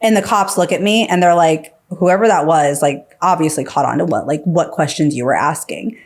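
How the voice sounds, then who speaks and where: On a podcast, a woman guest tells her story casually in a low, somewhat dark voice at a moderate pace. She leans heavily on fillers and acts out what other people said.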